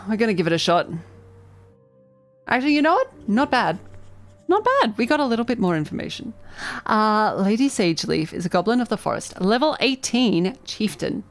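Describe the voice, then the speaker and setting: A woman streaming a game live, chatting excitably and reading the game's narration aloud. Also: mid-range voice, moderate pace, pauses often, faint music behind. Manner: excitable, chatty, self-deprecating. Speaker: vtuber streamer.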